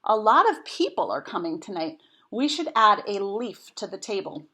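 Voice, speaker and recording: A woman voicing a kind, enthusiastic middle-aged wife in a read-aloud storybook, in a warm, sing-song, encouraging manner. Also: medium pitch, big pitch swings, moderate pace, slightly rough, full character voice. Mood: kindly.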